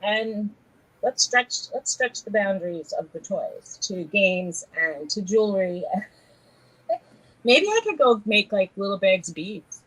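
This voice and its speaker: On a low-quality recording, this New York co-host speaks slowly in a sing-song, mid-range voice with a bit of brightness. She keeps the live-stream chat casual, with a New York accent, frequent laughter and plenty of stories.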